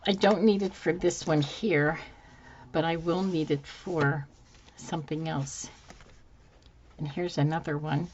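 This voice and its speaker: A woman hosting a craft tutorial, musing softly to herself as she works, her voice a little hoarse. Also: deep voice, fairly even intonation, a little slow, long pauses, lo-fi sound, a little hiss or hum. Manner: soft-spoken, musing aloud while working. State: slightly hoarse, losing her voice. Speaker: craft channel host. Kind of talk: casual craft tutorial chat.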